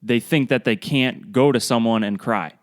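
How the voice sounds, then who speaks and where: A young adult man co-hosting a casual podcast, speaking earnestly and a little haltingly, sometimes repeating words. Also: mid-range voice, long reverb tail. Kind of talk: casual chat.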